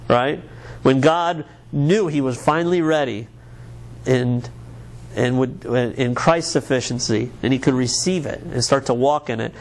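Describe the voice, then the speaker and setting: Earnest American man preaching a sermon. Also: medium pitch. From United States. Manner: conversational, earnest, with repeated restarts. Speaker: pastor.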